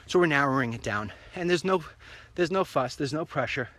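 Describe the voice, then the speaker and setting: Upbeat bright-voiced man talking on a walk. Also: expressive, brisk. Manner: chatty, rambling, upbeat pitch. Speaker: online show host. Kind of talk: casual walk-and-talk monologue. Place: outdoors, walking along a street.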